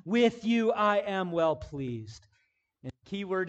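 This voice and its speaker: Emphatic preaching man, high voice. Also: animated, a little slow. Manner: swings from hushed intimacy to loud emphatic preaching; repeats phrases for emphasis. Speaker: pastor. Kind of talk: sermon.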